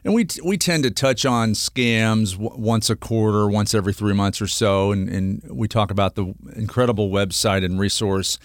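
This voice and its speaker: A man's voice: fairly low pitch, normal speed, hardly any pauses, dry recording. Man, middle-aged, radio host, earnest, rambling, lots of restarts, dry studio sound. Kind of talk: casual radio talk segment.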